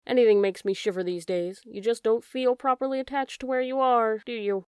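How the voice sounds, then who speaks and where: A woman's voice: on the high side, steady tone, fairly quick, a little mellow, clean tone, no echo, clean studio sound, natural voice. A woman voicing an anxious, frail male autumn leaf who talks in a plaintive, worried way. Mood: wistful. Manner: plaintive, worried colloquial talk.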